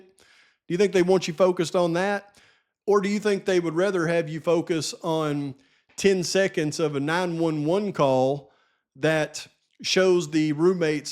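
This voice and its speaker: A man hosting a true-crime commentary channel, firing off indignant rhetorical questions. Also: high-pitched. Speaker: host.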